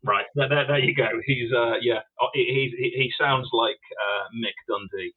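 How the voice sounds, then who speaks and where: A man's voice: medium pitch, fairly even intonation, moderate pace. A man guesting as an author in a casual interview, thinking aloud and stumbling over repeated words. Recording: tinny phone-like line.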